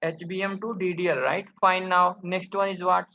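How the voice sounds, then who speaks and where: A man's voice: sits high, little pitch movement, normal speed, gravelly, sharp tone, a little hiss or hum. A man teaching a coding lesson over his screen, who keeps asking rhetorical questions and calls his viewers "guys". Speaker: programming instructor. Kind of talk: screen-recorded coding tutorial. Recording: dull lo-fi sound.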